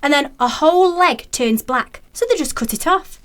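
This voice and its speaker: A nosy neighbour woman, played by an actress in an amateur radio play, who gossips bluntly and piles up details. Her voice sits high and swings widely in pitch. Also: animated, normal speed. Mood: gossiping. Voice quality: chatty and blunt, piling up details.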